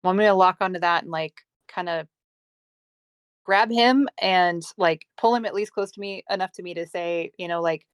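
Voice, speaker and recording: A woman with a low voice, playing a tabletop game and arguing her reasoning casually. The sound is dry and close. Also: normal speed, smooth, no room sound. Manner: argues her case with reasoning, fillers. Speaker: player.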